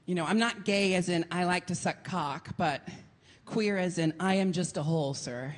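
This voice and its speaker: A woman from Portland, Oregon, performing a theatrical stand-up set with camp flair and sudden shouted rants. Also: fairly low pitch, normal speed. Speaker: stand-up comedian. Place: comedy venue with a laughing audience. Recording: live stage mic, audience noise.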